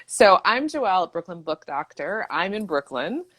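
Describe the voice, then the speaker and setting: A woman host with a fairly low voice that swoops lively up and down. She speaks playfully and affirmingly from home over a video call. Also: moderate pace. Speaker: podcast host, book coach. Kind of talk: casual interview conversation. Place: home in Brooklyn.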